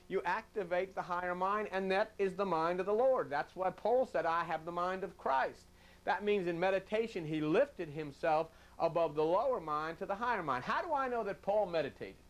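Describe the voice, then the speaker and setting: A man preaching a sermon on scripture in a folksy, animated way, acting out quoted voices. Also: sits high.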